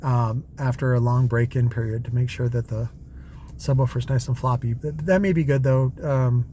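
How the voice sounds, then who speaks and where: A man's voice: mid-range voice, fairly even intonation, moderate pace, mellow, slight background noise. A man vlogging from a car on a night drive, talking in a loose, rambling way with lots of fillers and restarts. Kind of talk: casual rambling monologue.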